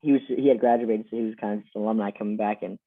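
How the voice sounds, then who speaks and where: A man's voice: on the low side, fairly even intonation, rapid-fire, dry recording. A man in his twenties, a former college wrestler, telling stories in a casual, loose way, repeating words and filling with "like" and "you know.". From Lehigh Valley, Pennsylvania. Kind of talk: casual interview storytelling. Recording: dry, tinny phone-like audio.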